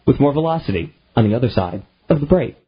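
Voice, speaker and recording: A man's voice: mid-range voice, expressive, fast, husky. A man hosting a talk radio show, bantering bluntly and joking with his co-hosts on a lo-fi AM broadcast. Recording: lo-fi AM radio broadcast with faint music.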